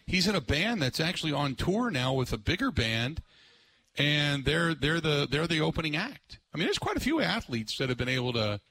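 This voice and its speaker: A man hosting live sports talk radio from a remote broadcast. His voice is bright and forceful, and he rambles excitably with plenty of filler words. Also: fairly high pitch, normal speed, no room sound.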